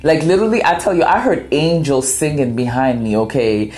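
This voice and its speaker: A woman's voice: sits low, brisk. A woman from Ghana whose first language is Twi, hosting a podcast and telling a story in a casual, dramatic, playful way. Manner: animated, dramatic, playful, acts out quoted voices. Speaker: podcast host.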